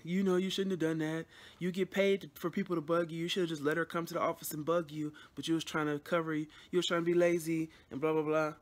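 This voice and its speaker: A woman's voice: deep voice, flat delivery, fast talker. Woman vlogger ranting at her camera, swears a lot, keeps restarting sentences. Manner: blunt, frequent swearing, rambling restarts. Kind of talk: casual venting to camera.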